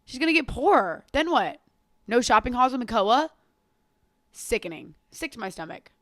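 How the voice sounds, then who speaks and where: A woman's voice: fairly high pitch, big pitch swings, moderate pace, fairly bright tone, no room sound, studio quality. A woman in her twenties hosting a casual solo podcast, rambling, swearing freely and gushing about pop culture, often laughing and apologizing. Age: 20s. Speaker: podcast host.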